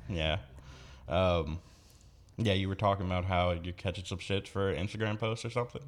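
Very deep-voiced laid-back male host. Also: moderate pace. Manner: relaxed, laid-back, frequent agreeing fillers. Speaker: podcast host. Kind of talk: casual chat.

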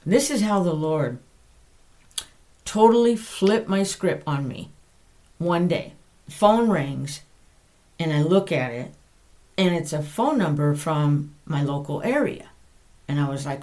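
Slow-talking woman telling a faith story. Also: low-pitched. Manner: animated, chatty, breaks off for side notes and self-corrections. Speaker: podcast host.

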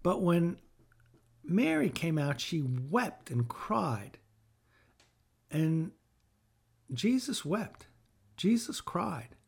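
A man's voice: a little high, big pitch swings, drawn-out words, creaky, pauses often, darkish tone, breathy edge. A middle-aged man hosting a podcast, giving a heartfelt scripture teaching in an earnest way and repeating phrases for emphasis. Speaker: podcast host and bereaved father.

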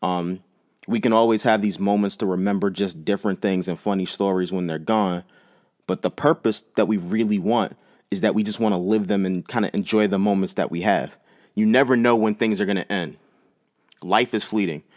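Low-voiced man telling a casual story. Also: brisk. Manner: animated, laid-back, slangy. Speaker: podcast host.

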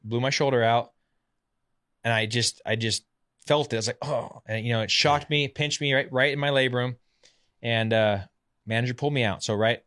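Animated man telling stories casually. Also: medium pitch. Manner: animated, acts out quotes of others. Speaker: former pitcher, guest. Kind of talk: casual storytelling.

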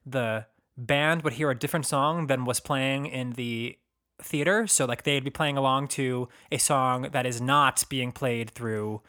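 A man's voice: medium pitch, unhurried, pushed and bright. A man who performs on cruise ships, chatting casually on a podcast with wry, joking asides and casual swearing.

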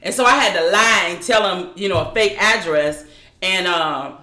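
A woman, as an interview guest, recounting a personal story in a halting way with frequent restarts. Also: fairly low pitch, pushed and bright, echoey room.

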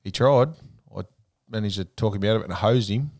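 A man's voice: fairly low pitch, fairly quick, darkish tone. Swearing man telling a story. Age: middle-aged. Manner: crude, laughing anecdote with swearing. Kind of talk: casual banter among mates.

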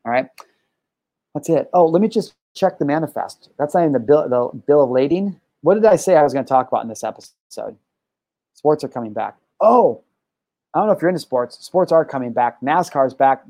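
A man hosting his own live-streamed talk show, talking in an energetic, rambling, upbeat way with loud whoops. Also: mid-range voice, no room sound. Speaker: show host.

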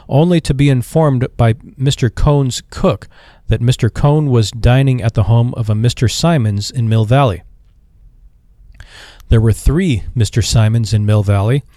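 A man reading a classic story aloud as an audiobook narrator, steady and measured. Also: mid-range voice, no echo, studio quality. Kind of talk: scripted narration.

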